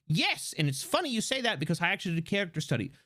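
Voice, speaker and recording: A man with a high voice chats casually on his livestream. His pitch swings widely as he rambles and swears with lots of energy. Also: very fast. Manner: animated, profane, rambling. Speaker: livestream host.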